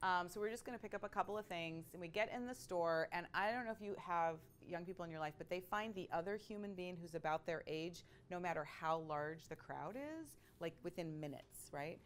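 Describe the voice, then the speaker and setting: A woman telling a personal story in a conversational, expressive way, with frequent asides to her listeners. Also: lowish voice, brisk, few pauses, slight background noise. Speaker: speaker sharing a personal story.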